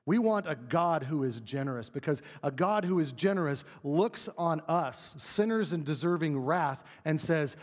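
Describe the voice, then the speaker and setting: Male pastor, fairly high voice, chatty sermon delivery, long hall reverb. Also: lively intonation, normal speed. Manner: conversational, asks the room "right?".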